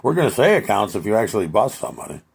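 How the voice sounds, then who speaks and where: A man putting on a taunting gangster voice, gravelly. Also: on the low side, sing-song, very fast, heavily acted. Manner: taunting, profane.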